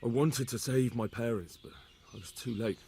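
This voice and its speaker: A man's voice: mid-range voice, moderate pace, darkish tone, slight background noise, natural voice. An actor playing a young male commoner in a video game, answering in a subdued, deferential way. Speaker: game protagonist.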